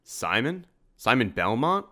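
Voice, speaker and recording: A man's voice: mid-range voice, big pitch swings, unhurried, pushed and bright, voice pushed up. A man voicing a noble male vampire hunter hero who speaks in a formal, old-fashioned way, in a storybook reading. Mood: courtly.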